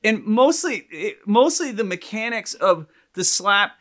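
Animated bright-voiced man telling a story. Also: high-pitched, measured pace. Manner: animated, rambling with restarts and laughs. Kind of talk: casual chat, storytelling.

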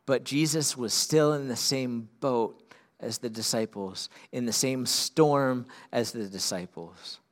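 A man preaching a sermon as pastor, swinging from loud, urgent peaks down to quiet, earnest lows. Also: takes it slowly.

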